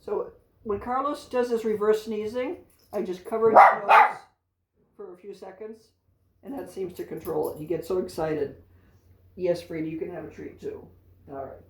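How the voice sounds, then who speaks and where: A woman's voice: mid-range voice, normal speed, echoey room, recorded from a distance, rough recording. A woman chatting casually at home while giving cheerful commands to her three dogs. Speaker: therapy dog handler.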